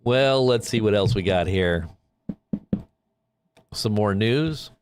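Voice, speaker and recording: A man hosting a casual livestream, reading news headlines and thinking out loud in a rambling way. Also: fairly low pitch, slow, smooth.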